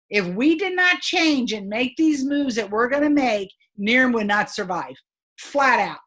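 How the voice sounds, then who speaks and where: A middle-aged woman giving an upbeat, emphatic motivational training talk to her sales team, chatty and quick to laugh. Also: a little high, fairly bright tone. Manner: laughs between points.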